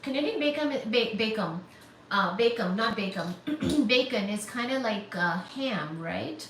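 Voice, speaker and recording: A woman hosting a casual livestream chat, gushing and excitable as she thanks viewers by name for donations. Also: fairly high pitch, a little slow. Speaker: livestream host. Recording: echoey room, mic at a distance, faint static.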